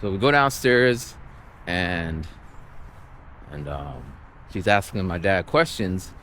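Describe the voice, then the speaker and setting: Animated, exasperated man venting about his week while walking outside, with faint traffic behind him. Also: deep voice, slow pace. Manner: exasperated, animated, acts out the people he quotes. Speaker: vlogger. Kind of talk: ranting storytelling while walking. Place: outdoors, walking in a town.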